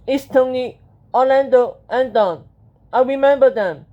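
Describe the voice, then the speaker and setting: A storybook reader voicing an excitable old man who exclaims in alarm, in a dull lo-fi recording. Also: sits high, unhurried. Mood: excited.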